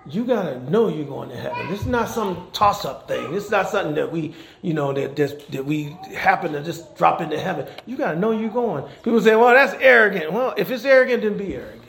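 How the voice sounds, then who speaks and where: Gravelly-voiced man preaching in an echoey church. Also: on the high side, animated, fairly quick, few pauses. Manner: conversational preaching, repeats "okay?" often. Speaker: pastor and chaplain. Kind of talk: sermon. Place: church sanctuary. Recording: echoey church room, faint noise.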